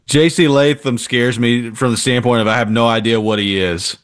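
Male sports co-host, emphatic, opinionated, filler-heavy, mid pitch. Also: steady tone, moderate pace, clean tone. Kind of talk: casual sports talk.

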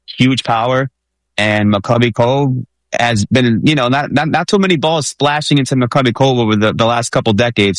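A man's voice: medium pitch, dry recording. A man co-hosting a sports talk show, rambling with many fillers and restarts.

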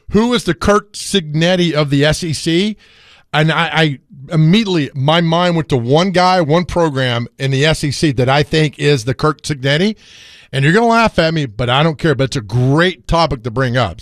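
A male sports radio host talks with his studio crew in easy banter, laughing and joking between topics. His voice sits a touch high, and the sound is dry and close on a studio microphone. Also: dry recording. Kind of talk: casual sports radio chat.

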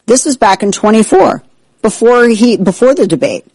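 A woman's voice: fairly high pitch, moderate pace, slightly rough, dry recording, rough recording. Woman host ranting sarcastic on a talk show, dry close mic. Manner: indignant, sarcastic, animated. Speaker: political commentary host. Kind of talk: opinionated talk show commentary.

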